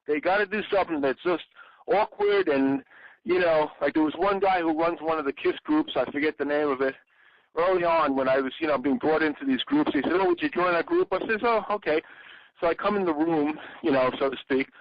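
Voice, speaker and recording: A man being interviewed, an exhibit designer who tells lively anecdotes and acts out the people he quotes. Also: a little high, a little fast, dry recording. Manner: animated storyteller, acts out quotes. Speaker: interview guest. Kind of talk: casual interview. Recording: dry, muffled audio.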